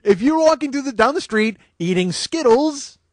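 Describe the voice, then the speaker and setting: High-voiced man ranting with profanity. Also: animated, normal speed, no room sound. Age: 40s. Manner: profane, heated ranting with loud outbursts. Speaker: comedy podcast host. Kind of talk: comedic podcast rant.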